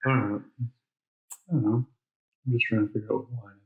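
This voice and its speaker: A man's voice: medium pitch, level tone, brisk, phone-quality sound. A man with a mid-range voice jokes around and laughs often as he co-hosts a podcast. The sound has a roomy echo. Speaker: podcast co-host. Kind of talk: casual banter. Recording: echoey room.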